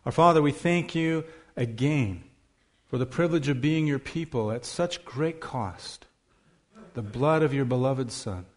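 A man's voice: medium pitch, measured pace. A pastor reads scripture aloud from the pulpit. His voice is raised and declaiming, and he stresses the phrases strongly. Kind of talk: emphatic scripture reading.

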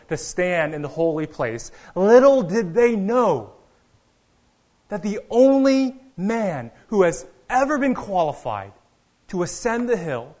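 A man preaching a sermon earnestly, rising to loud proclamations and dropping to quiet asides. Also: sits high. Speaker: pastor.

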